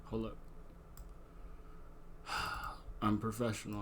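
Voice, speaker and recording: A man's voice: on the low side, steady tone, moderate pace, gravelly, slight background noise. A man streaming, chatting casually in a laid-back, self-mocking way.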